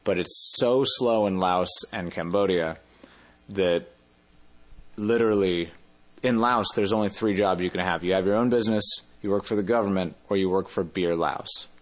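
A man's voice: low voice, normal speed. A man telling a travel story in a casual interview, rambling and often correcting himself mid-sentence. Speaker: interview guest.

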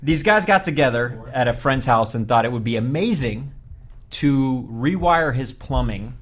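A man's voice: mid-range voice, animated, moderate pace. A man hosting a casual group podcast, telling a long story with lots of laughter and restarts. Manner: rambling storyteller, laughs often. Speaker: podcast host.

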